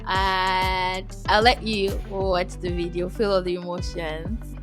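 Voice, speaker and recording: Chatty woman with a low voice. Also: takes it slowly, faint music behind. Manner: animated, chatty storytelling. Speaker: vlogger. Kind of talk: casual travel vlog narration.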